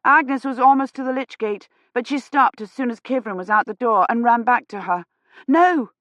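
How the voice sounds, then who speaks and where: A woman narrating an audiobook in a hushed, suspenseful storytelling manner. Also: a little high, steady tone, brisk, no echo. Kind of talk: scripted narration.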